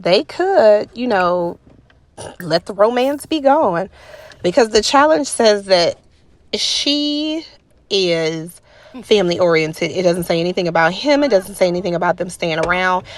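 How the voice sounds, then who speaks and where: A woman hosting a let's play, commenting on the game in an exasperated, animated way and talking to the characters on screen. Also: fairly low pitch. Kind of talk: gameplay commentary.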